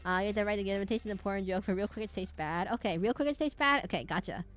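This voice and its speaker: A woman's voice: mid-range voice, very fast. A young woman streaming a game and chatting casually, rambling off on tangents with lots of fillers and restarts. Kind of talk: casual gameplay stream chat.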